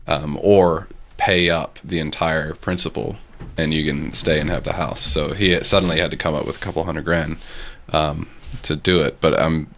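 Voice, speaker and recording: Deep-voiced joking podcast co-host. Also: male voice, fairly even intonation, normal speed, fairly bright tone. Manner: laid-back, joking, storytelling with many ums. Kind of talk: casual real estate podcast chat.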